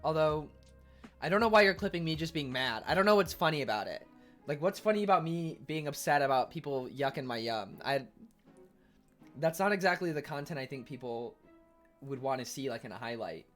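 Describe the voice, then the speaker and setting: A man streaming live in a casual chat, reading viewers' messages aloud and answering them while he eats, quick to argue and defensive. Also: fairly high pitch, lively intonation, fairly bright tone, faint music behind.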